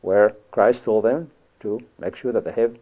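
A man's voice: fairly low pitch, unhurried. A man teaching a verse-by-verse Bible study, digressive and full of "you see" and "you know" asides. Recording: tinny phone-like sound.

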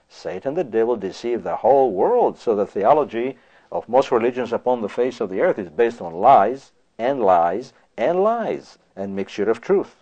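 A man's voice: lowish voice, warm tone. Emphatic male preacher, slightly lo-fi. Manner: emphatic, rhetorical questions, drawn-out scripture reading. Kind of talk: sermon.

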